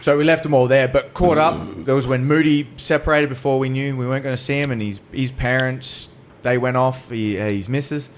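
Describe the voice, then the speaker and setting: A young man spins loose, rambling anecdotes in relaxed podcast chat, laughing as he goes. His voice sits at an ordinary middle pitch, and a faint ambience hums behind him. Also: a little fast, slight background noise. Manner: rambling storyteller, laughing often. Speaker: podcast guest. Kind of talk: casual chat.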